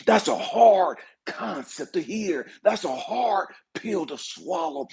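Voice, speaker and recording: A man giving an impassioned spiritual talk, swinging between hushed whispers and shouted pleas. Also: high voice, expressive, takes it slowly, creaky, hardly any pauses, breathy edge. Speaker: spiritual speaker. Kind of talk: impassioned motivational preaching.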